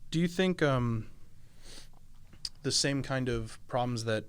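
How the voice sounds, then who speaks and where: A man's voice: medium pitch, slow, clear, resonant tone. A man in his twenties co-hosting a podcast, chatting casually and rambling a little as he works out his sentences. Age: 20s. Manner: rambling, laughs often. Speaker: podcast co-host. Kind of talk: casual chat.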